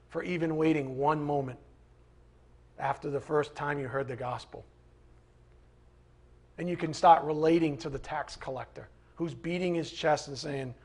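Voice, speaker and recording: A man preaching a sermon in a conversational, animated way, with asides to the congregation. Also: a little high, creaky, breathy edge. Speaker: pastor.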